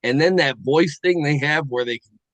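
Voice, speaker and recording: A middle-aged man hosting a casual podcast chat, thinking aloud in a halting way with many restarts. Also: a little high, fairly bright tone, dry recording, low-quality recording. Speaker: podcast host.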